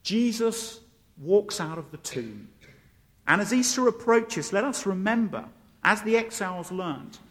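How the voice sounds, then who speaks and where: Man, preacher, animated storytelling sermon, high voice, echoing hall. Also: measured pace. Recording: long hall reverb.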